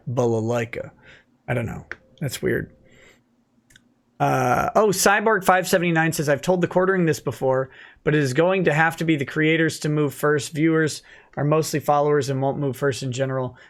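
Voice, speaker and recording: A man's voice: a little high, normal speed. Man hosting a late-night livestream. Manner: reads viewer messages aloud, then answers with dry quips. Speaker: livestream host reading viewer comments. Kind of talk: casual late-night stream chat.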